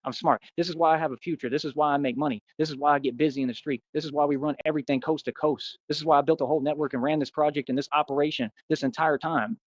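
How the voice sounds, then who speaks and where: A man's voice: on the high side, fairly even intonation, very fast, few pauses, no echo, lo-fi sound. A man livestreaming and answering his chat in a boastful, combative rant. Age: adult. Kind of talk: ranting live stream.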